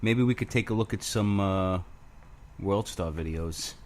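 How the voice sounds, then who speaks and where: A man's voice: low-pitched, measured pace, a little mellow. A man hosting his own show alone, rambling crudely with self-mocking humor. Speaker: podcast host. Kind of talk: casual solo rambling.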